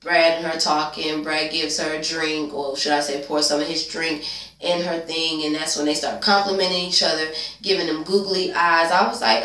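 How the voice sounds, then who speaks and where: A woman's voice: lowish voice, fairly even intonation, moderate pace, pushed and bright. A sleepy woman, recapping a TV episode in a blunt, profane, casual way and talking back to the characters. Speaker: TV episode reviewer, channel host. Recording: echoey room, distant from mic.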